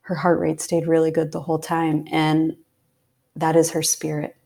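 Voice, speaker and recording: A woman from Pennsylvania, a podcast guest, telling a personal story in a heartfelt way, sometimes dropping to a soft whisper. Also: sits low, monotone, moderate pace, gravelly. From Pennsylvania, USA. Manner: heartfelt, drops to soft whispers when recalling intense moments. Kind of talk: casual storytelling.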